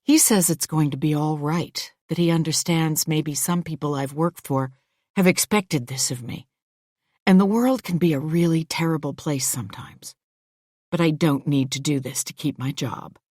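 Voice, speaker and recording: A woman narrating a first-person thriller audiobook in an intimate, measured storytelling manner. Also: sits low, darkish tone, dry recording, clean studio sound.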